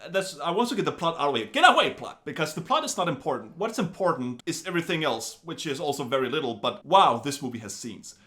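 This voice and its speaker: A man giving a casual film review in an animated, wry way, full of chatty asides. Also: on the high side, fast, few pauses.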